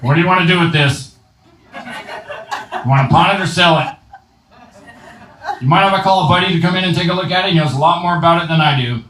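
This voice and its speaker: A man's voice: on the high side, brisk, long pauses, a bit bright, voice pushed up, close to an everyday voice. A man doing an impression of a middle-aged pawn shop owner who sounds strained and unsure of himself, in a stand-up set recorded in a roomy live room from a distance. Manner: hesitant, strained, sounds constipated.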